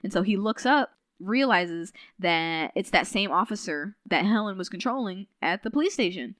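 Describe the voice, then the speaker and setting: A woman podcast host casually recapping a novel's plot in a chatty, animated way, full of "like" and acted-out quotes. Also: no room sound. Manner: chatty, filler-heavy retelling with lots of "like"; animated, quotes characters with shifting pitch.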